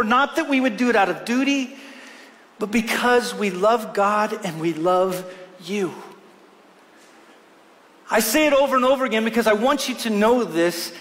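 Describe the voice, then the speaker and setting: High-voiced pastor preaching in a reverberant hall. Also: male voice, a bit bright. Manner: earnest, slows down to stress scripture. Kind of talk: sermon. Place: church hall. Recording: long church hall reverb.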